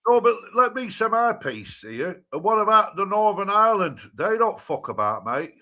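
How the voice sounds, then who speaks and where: A man on a live stream, gruff and argumentative, swearing heavily as he chats. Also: high voice, big pitch swings, moderate pace, bright, forceful tone. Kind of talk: casual livestream chat.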